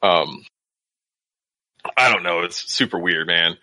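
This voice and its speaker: A man recapping a movie in casual podcast chat, rambling with lots of fillers and quick acted-out quotes. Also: low-pitched, sharp tone, no echo. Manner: rambling, many fillers, acts out characters in quick voices. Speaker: podcast co-host.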